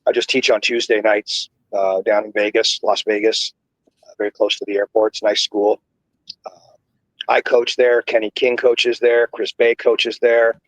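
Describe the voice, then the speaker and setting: A man's voice: on the low side, little pitch movement, moderate pace, no echo, rough recording. A middle-aged man, a wrestling guest on a podcast, telling a long rambling story full of fillers and restarts. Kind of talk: casual storytelling.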